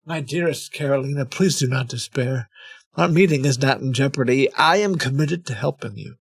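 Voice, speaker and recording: A man's voice: mid-range voice, normal speed, vocal fry, breathy edge, no echo, clean studio sound. A man reading as a stiff, formal chatbot suitor. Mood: reassuring.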